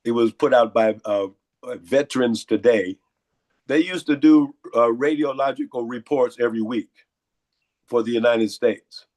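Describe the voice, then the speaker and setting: A hoarse, congested man giving lecturing interview answers and firing off repeated rhetorical questions. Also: medium pitch, moderate pace, darkish tone. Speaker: guest.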